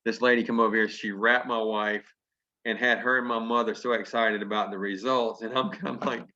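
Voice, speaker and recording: A man telling a folksy story to an audience, lively and chuckling as he acts out what people said. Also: fairly low pitch, fairly quick. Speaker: business testimonial speaker. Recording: dull lo-fi conference call audio.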